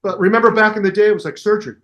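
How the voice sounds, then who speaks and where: An older man, a bass teacher, telling stories in a casual interview and scatting bass lines aloud to show exercises. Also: rapid-fire, dull audio. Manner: animated storyteller who scats bass lines aloud. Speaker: bass teacher and musician guest.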